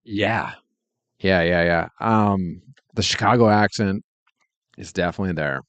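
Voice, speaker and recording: Low gravelly guy, unhurried, laid-back rambling stream chat, dry close sound. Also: fairly bright tone, dry recording. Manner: laid-back, meandering, chuckles often. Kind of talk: casual rambling chat while working.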